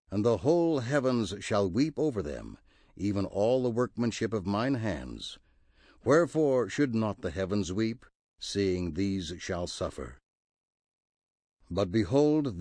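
A man's voice: lowish voice, darkish tone, no room sound. A man reading the words of a stern, almighty God, wrathful and grieving, in a solemn scriptural cadence.

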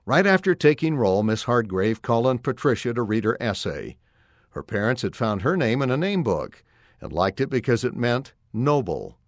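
A man reading a children's story aloud in a clear, expressive storytelling voice. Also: mid-range voice, normal speed, no room sound, clean studio sound. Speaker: narrator.

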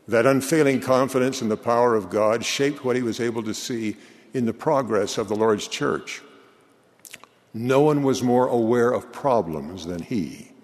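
An older man, a church leader, delivering an earnest, measured eulogy sermon in a large hall. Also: fairly low pitch.

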